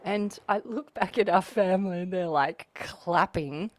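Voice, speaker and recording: Female guest with a deep voice and a dry, close sound, a chatty storyteller. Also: unhurried, dry recording. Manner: chatty anecdotal storyteller, laughs often. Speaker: podcast guest. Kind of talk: casual spiritual chat.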